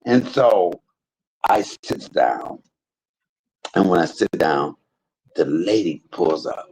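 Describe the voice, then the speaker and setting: Low gravelly guy preaching at his stream chat, swings up and down a lot. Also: animated, slow pace, a little mellow, poor audio. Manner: emphatic, preachy storytelling with religious exclamations. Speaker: live streamer talking to viewers. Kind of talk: casual spoken testimony to a live chat.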